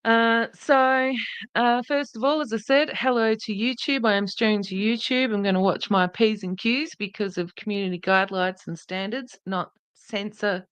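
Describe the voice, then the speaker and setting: A woman's voice: mid-range voice, moderate pace, fairly bright tone, clean tone, dry recording. A woman hosting a podcast livestream in a casual, chatty way, greeting viewers by name and speaking earnestly and indignantly. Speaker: podcast host.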